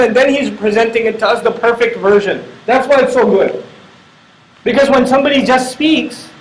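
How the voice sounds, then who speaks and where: A man's voice: very high voice, reverberant, poor audio. A middle-aged man giving a Quran lecture, explaining points with repeated emphasis and acting out quoted dialogue. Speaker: Islamic speaker.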